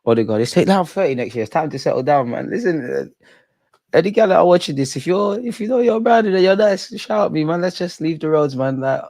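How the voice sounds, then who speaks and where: A man's voice: fairly high pitch, fast talker, a little mellow, dry recording. A young man doing live, jokey, slang-filled football watch-along banter with his chat. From England.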